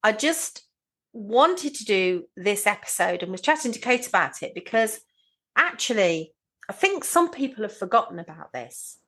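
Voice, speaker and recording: A woman's voice: medium pitch, sing-song, normal speed, fairly bright tone, low-quality recording. A woman, a nurse, co-hosting a podcast in an earnest, conversational manner. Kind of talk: casual chat.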